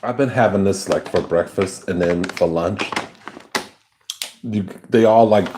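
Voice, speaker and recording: A man hosting a live stream, chatting casually and answering viewer comments as he eats, sometimes dropping to a low hushed voice. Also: a little slow, noisy background. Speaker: livestream host. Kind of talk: live chat while eating and chewing.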